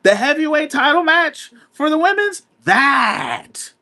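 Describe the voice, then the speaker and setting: A man co-hosting a casual podcast, with a high voice that leaps up and down as he makes his points. He talks emphatically, circling back to repeat himself and filling gaps with stalled "uh"s. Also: measured pace. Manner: animated, emphatic, repeats himself with many fillers. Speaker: podcast co-host. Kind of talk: casual wrestling podcast chat.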